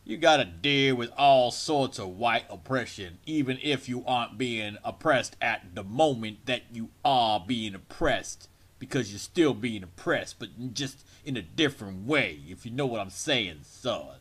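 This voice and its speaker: A man's voice: mid-range voice, lively intonation, measured pace, fairly bright tone, slightly rough. A man voicing a foul-mouthed father who lectures his son in an improvised comedy sketch. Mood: lecturing. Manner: scolding, preachy, swears a lot.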